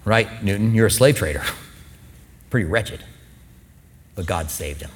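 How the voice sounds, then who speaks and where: A middle-aged man preaching a sermon with emphatic stresses and quiet asides. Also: on the low side, expressive, measured pace, slightly rough. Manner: emphatic, swings from loud stresses to soft asides. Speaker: pastor. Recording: long hall reverb.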